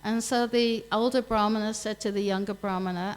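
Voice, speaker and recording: A woman's voice: mid-range voice, fairly even intonation, fairly quick, smooth, poor audio. A woman giving a scripture class in a temple, retelling a story casually and speaking each character's lines in her own voice. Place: temple hall.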